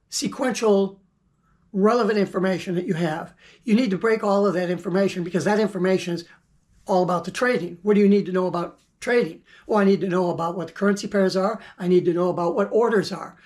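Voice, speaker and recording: A woman explains forex trading in a loose, unscripted teaching monologue. She is blunt and chatty, stumbles into repeated words while gathering her thoughts, and throws in the odd swear word. Her voice sits at a middle pitch for a woman. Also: fairly quick, darkish tone.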